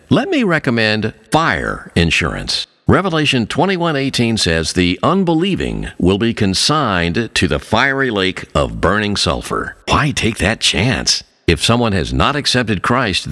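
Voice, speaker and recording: A man preaching a sermon, earnest, telling a story and slowing down on key phrases. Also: fairly bright tone. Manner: earnest, swings pitch widely for emphasis.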